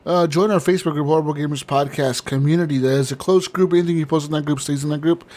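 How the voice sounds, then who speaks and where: A man's voice: on the high side, fairly even intonation, quick pace, a little mellow. A man hosting a gaming podcast in casual chat, rambling and swearing often, laughing as he talks. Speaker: podcast host.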